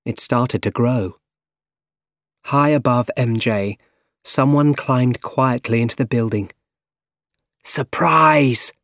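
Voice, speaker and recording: A man narrates a graded-reader story at an unhurried pace, every word spelled out clearly. His voice is mid-pitched and even. The recording is close and dry, with no room echo. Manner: slow, careful, plain reading.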